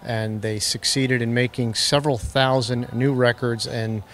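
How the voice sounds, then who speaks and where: A man who owns a classic car, telling its history in a relaxed, matter-of-fact way as an interview guest outdoors at a car show. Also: mid-range voice, unhurried, a little hiss or hum.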